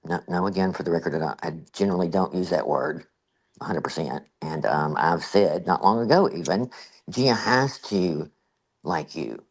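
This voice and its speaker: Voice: low voice, moderate pace, husky. A host giving casual, rambling, exasperated reaction commentary on a clip.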